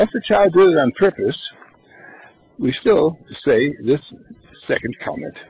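A man's voice: mid-range voice, a little mellow, a little hiss or hum, poor audio. A man giving an inspirational spiritual talk, who asks rhetorical questions and answers them himself. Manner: acts out little scenes in everyday voices. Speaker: spiritual lecturer.

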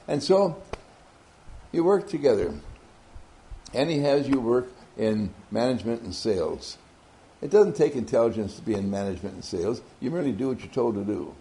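Laughing frequently, a man gives a motivational talk and recounts a story with lots of animation. His voice is warm and medium in pitch, captured on a low-quality recording.

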